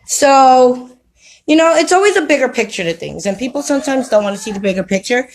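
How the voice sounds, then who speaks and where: A woman's voice: sits high, lively intonation, a little fast, poor audio. A woman giving a casual spiritual talk to camera at home, preachy and streetwise, who keeps checking with "you know what I mean?". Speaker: spiritual vlogger. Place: home with children around.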